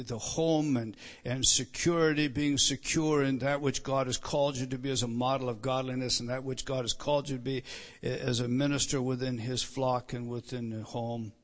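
A middle-aged man preaching a sermon as pastor, emphatic, rising loud to stress scripture and dropping low and quiet.

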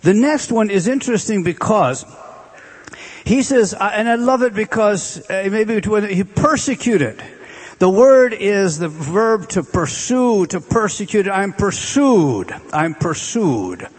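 A man preaching with a somewhat higher voice that carries a husky, breathy edge. He explains the meanings of words, then swings between emphatic raised passages and hushed, drawn-out repetitions. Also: lively intonation. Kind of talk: sermon.

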